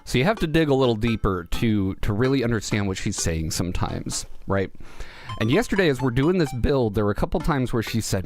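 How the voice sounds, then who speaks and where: A man's voice: medium pitch, sing-song, a little fast, darkish tone. A man chatting casually and emotionally as a streamer while playing a game, rambling and breaking off mid-sentence. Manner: rambling, emotional, self-interrupting. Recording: music playing behind.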